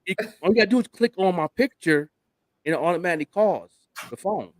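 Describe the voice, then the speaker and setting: A man's voice: sits high, quick pace. An older man and radio show host, telling stories in casual chat, laughing often. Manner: animated storyteller, laughing often.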